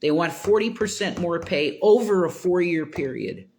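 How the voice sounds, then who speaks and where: A man ranting to his live stream chat, swearing and getting worked up, his pitch jumping high when angry. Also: normal speed, a little hiss or hum. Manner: worked-up, swearing, rising to near shouts.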